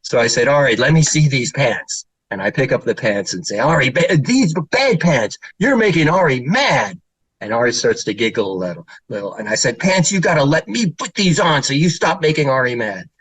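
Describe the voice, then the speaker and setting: A man's voice: medium pitch, animated, fairly quick, hardly any pauses, a bit bright, no echo, low-quality recording. A middle-aged man who works as a child therapist, giving a presentation talk with slides and telling stories in an informal way with fillers, now and then putting on children's voices.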